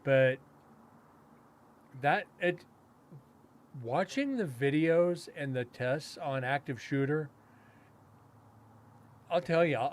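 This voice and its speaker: A man casually telling a long story, rambling with fillers and restarts and acting out what others said. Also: fairly high pitch. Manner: rambling, with frequent fillers and self-restarts, chuckling; acts out other people's lines in quick quotes. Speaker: paranormal investigator and podcast host.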